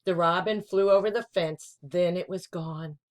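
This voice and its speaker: A woman's voice: lowish voice, unhurried. A woman hosting a children's storytime, reading a picture book aloud.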